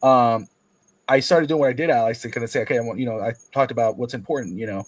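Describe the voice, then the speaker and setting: A man co-hosting a sports talk stream, telling a long story about coaching kids' basketball in casual chat, jumping high in pitch when acting out quotes. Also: fast talker, dry recording, low-quality recording. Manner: rambling storyteller, acts out quotes with big pitch jumps. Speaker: podcast co-host and youth basketball coach.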